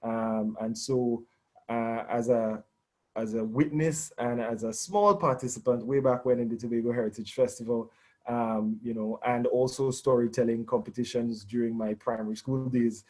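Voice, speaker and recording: Man, storyteller guest on a video call, warm mellow tone, measured and reflective. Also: mid-range voice, fairly even intonation. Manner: reflective, measured, with many fillers.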